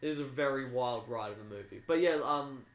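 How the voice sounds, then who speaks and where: A man's voice: mid-range voice, brisk, echoey room, low-quality recording. A man on a podcast telling a made-up story in a rambling, playful way and putting on silly voices. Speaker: podcast co-host. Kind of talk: casual comedic chat.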